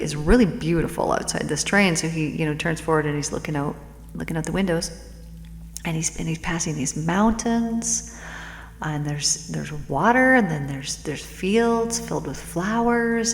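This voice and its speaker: A woman host and spiritual teacher telling a parable in a casual, meandering way, with lots of fillers and repeated words. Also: sits low. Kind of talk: storytelling a parable. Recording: echoey room with long reverb.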